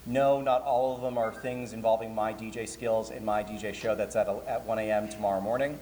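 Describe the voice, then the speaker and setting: In a lowish, brisk voice, a male convention programming director entertains a live audience with a chatty, joking panel talk that stays lively with laughs. Reverb from the hall and faint room noise are audible.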